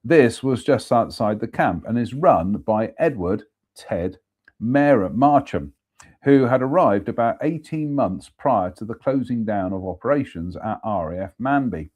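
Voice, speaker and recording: A man's voice: on the low side, animated, a little slow, darkish tone. A man hosting a live show, reading a ghost story aloud steadily with the odd apologetic aside. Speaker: storyteller host.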